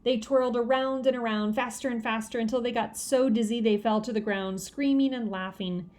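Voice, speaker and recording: A woman narrating a children's novel aloud in a lively, expressive way. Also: on the high side, a little fast. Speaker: audiobook reader.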